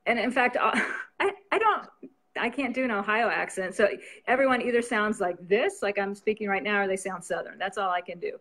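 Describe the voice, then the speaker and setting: A woman's voice: medium pitch, fairly quick, fairly bright tone. A woman novelist chatting casually as an interview guest, rambling and laughing often.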